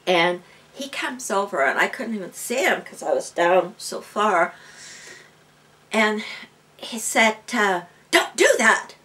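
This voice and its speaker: A woman's voice: medium pitch, animated, takes it slowly, pauses often, a bit bright. A woman guest, a healer and medium, telling her story in an interview and laughing often.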